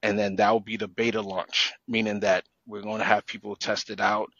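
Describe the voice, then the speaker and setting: A man's voice: on the low side, little pitch movement, brisk, creaky, fairly bright tone, dry recording, dull audio. A man speaking as a guest on a podcast, explaining a project with hesitant restarts. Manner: hesitant, many fillers and restarts. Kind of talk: casual call-in podcast chat.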